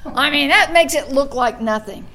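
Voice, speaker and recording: Animated woman telling a story. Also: high voice, normal speed. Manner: storytelling with quoted voices and rising emphasis. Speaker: state senator. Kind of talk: animated political speech. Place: meeting room with an audience.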